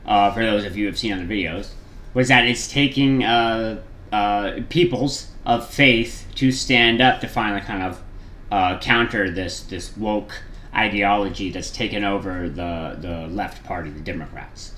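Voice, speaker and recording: A man's voice: fairly low pitch, measured pace, fairly bright tone, slight background noise. Rambling man in an echoey room. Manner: rambling, with many fillers and restarts. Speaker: reaction video host. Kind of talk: casual reaction commentary. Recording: roomy echo.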